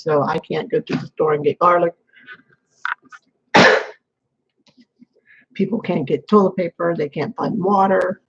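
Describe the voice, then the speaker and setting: Husky-voiced rambling home vlogger. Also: mid-range voice, steady tone, normal speed, long pauses, fairly bright tone. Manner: rambling, repeats phrases. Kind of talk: casual chat to camera. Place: home apartment, indoors. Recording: dull lo-fi home recording.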